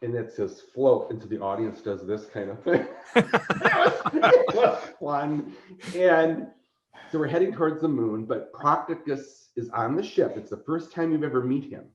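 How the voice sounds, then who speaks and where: A man, a convention organizer appearing as a podcast guest, telling an animated story, laughing often and acting out quotes. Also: fairly high pitch, normal speed, a little hiss or hum. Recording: roomy echo, dull lo-fi sound.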